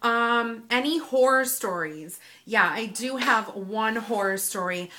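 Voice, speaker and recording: A woman's voice: a little high, takes it slowly, bright, forceful tone, a little hiss or hum. A woman vlogger in her thirties talking casually and candidly to camera, with plenty of fillers. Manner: chatty and candid, with lots of fillers. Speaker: beauty vlogger. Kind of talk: casual vlog talk.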